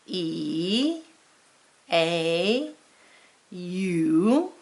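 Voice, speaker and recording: A woman's voice: mid-range voice, fairly bright tone. An American woman teaching a spelling lesson, patiently sounding out words and spelling them letter by letter.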